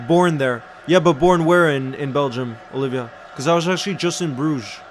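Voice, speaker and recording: A man's voice: a little high, normal speed. A man hosting a live football watchalong, chatting casually, reading out viewer messages and dropping in French phrases. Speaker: host of a live match watchalong stream.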